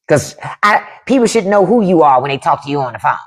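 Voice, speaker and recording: Woman host, casual livestream chat, lower pitch, lively swooping delivery, laughs a lot. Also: a little fast. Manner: animated, laughs often, mimics family accents.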